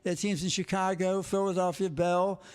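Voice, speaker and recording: An older man tells stories in an interview, his voice pitched high for a man. He talks with animated energy and slips into the voices of the people he quotes. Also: moderate pace, clear, resonant tone. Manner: lively, animated storytelling, acts out quotes. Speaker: guest, former TV sports director. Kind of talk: storytelling interview.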